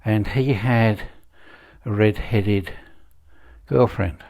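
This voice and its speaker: Slow, low-voiced man in his seventies. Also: gravelly, darkish tone. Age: 70s. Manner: halting, dry wry humor, many fillers. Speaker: vlogger. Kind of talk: casual rambling monologue.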